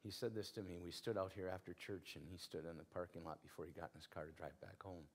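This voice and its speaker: A male pastor preaches with a low, gravelly voice that carries a husky edge. His sermon moves in earnest, conversational storytelling. He leans on repeated phrases for emphasis. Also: steady tone, fast.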